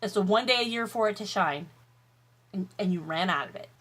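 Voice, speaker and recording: Bright-voiced rambling woman vlogger. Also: mid-range voice, a little fast. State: tired. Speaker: YouTube vlogger. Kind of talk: casual chatty vlog while eating. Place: home office.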